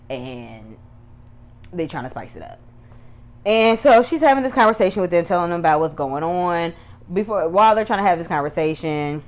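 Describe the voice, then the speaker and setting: A woman with a notably low voice gives a casual recap and review of a TV episode. She rambles, circles back, and lets her commentary turn heated. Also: a little hiss or hum. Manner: chatty, rambling asides, grows heated. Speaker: YouTube TV reviewer.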